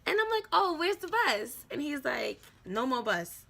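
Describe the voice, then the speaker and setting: A young woman with a New York accent telling a storytime vlog, lively and swearing as she acts out what people said. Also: high voice, unhurried, creaky. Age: young adult. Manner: animated, swearing, acting out quoted voices. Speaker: vlogger. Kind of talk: casual storytime.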